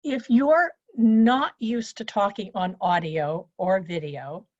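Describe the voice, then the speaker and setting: Addressing an online event over a video call, a woman coaches listeners on presentation skills in a straightforward, practical way, teaching in lists. Her mid-range voice is slow and a little mellow, and the lo-fi audio has no echo.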